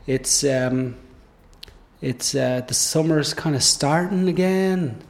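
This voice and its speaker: A man's voice: a little high, slow, vocal fry. An Irish man co-hosting a podcast in a jokey, chatty way, laughing easily. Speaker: podcast co-host, wedding photographer. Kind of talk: casual chat. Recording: echoey room.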